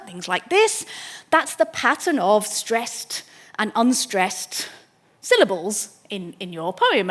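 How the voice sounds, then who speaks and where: A woman mathematics lecturer giving an enthusiastic, explanatory public lecture, often restarting her sentences. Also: on the high side.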